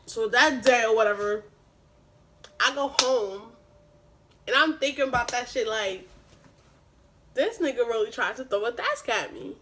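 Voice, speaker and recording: A young woman vlogger retelling a story in casual, animated, profane slang. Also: a little high, unhurried, long pauses, slight background noise, poor audio.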